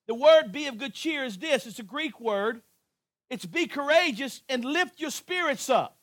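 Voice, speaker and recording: A pastor preaching a sermon with passion, moving from hushed tones to near shouts and repeating phrases rhythmically. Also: male voice, very high-pitched, animated, unhurried, dry recording. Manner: repetitive, rhythmic emphasis.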